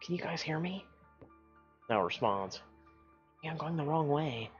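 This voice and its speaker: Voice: mid-range voice, expressive, measured pace, muffled recording, soft background music. A streamer reading a story game aloud, breaking in with wry, sarcastic asides.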